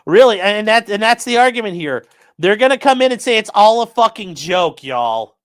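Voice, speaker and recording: A man's voice: high voice, very animated, moderate pace, fairly bright tone, clear, resonant tone. A man hosting his channel, mocking a court filing in profane, incredulous commentary and talking to his live chat. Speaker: channel host.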